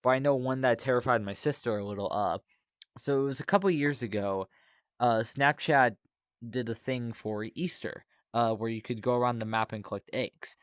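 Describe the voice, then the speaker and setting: A man hosting a casual podcast, telling stories in a relaxed way with lots of fillers. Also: medium pitch, moderate pace, clean tone, no room sound. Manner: laid-back storytelling with frequent fillers. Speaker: podcast host. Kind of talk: casual chat, telling anecdotes.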